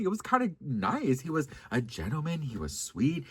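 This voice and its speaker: A man telling dating stories to his viewers in a casual, sassy, dramatic way, swearing and changing his pitch often. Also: huge pitch swings, fairly quick, slightly rough, no room sound. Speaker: vlogger. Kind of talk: casual storytime chat.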